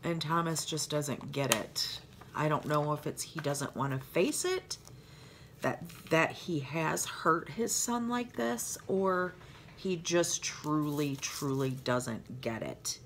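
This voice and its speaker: Older woman vlogger, low gravelly voice, slow rambling chat, faint hiss behind. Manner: rambling, heartfelt, trails off into asides. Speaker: planner vlogger. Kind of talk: chatty planner vlog.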